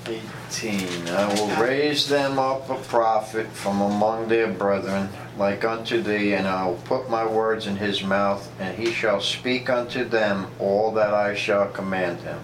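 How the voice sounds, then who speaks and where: A man in a Bible study group, reading a scripture passage aloud in a steady, plain way. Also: on the low side, measured pace, hardly any pauses. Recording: echoey room with clear background noise.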